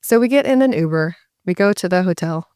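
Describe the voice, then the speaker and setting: A woman telling a story to a live audience in a casual, animated way, often slipping into voices for the people she quotes. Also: lowish voice, brisk, clean tone, no room sound, studio quality. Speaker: guest speaker.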